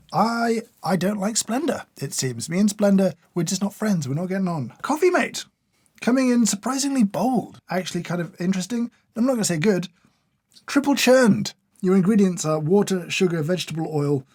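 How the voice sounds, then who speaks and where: A British man reviews coffee with casual taste-test remarks, sounding dry, sardonic and mock-exasperated. His voice is fairly high, a little mellow and husky.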